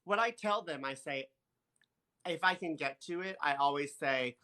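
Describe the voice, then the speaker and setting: A bright, clear-toned man chats on a phone live stream. He talks casually, laughs often and reads viewer comments aloud. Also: on the high side, moderate pace.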